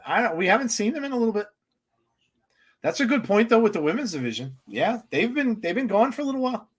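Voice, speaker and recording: Excitable, high-voiced male commentator. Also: fast talker, husky. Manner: excitable, animated, many restarts. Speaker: co-host of a wrestling watchalong. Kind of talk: live reaction commentary.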